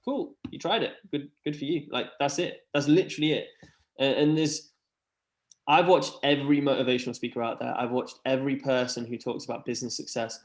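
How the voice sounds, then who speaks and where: A man's voice: mid-range voice, fast. Man, earnest, rambling chat, echoey room. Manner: earnest, rambling, many "like" fillers. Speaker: podcast guest. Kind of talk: casual chat. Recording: roomy echo.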